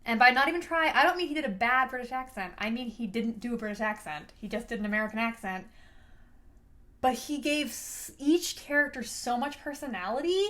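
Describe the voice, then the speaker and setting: A woman with a high, bright voice reviews books in a relaxed, chatty vlog. She gushes and exclaims, her delivery animated and playful. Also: brisk. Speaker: book reviewer, host. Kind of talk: casual book review vlog.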